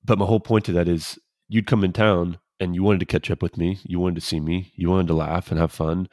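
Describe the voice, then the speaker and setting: A man co-hosting a casual podcast, a former pro pitcher telling laid-back, rambling stories. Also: little pitch movement, brisk, darkish tone, no echo, studio quality. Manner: laid-back, rambling anecdotes with quoted dialogue. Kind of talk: casual storytelling chat.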